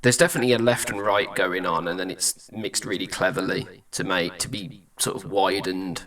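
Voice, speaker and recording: A man's voice: low-pitched, steady tone, moderate pace, a bit bright, in a large hall. A male singer-songwriter chatting casually as he reacts to a song and tests vocal ideas at a studio mic. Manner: thinks aloud, trying out vocal ideas.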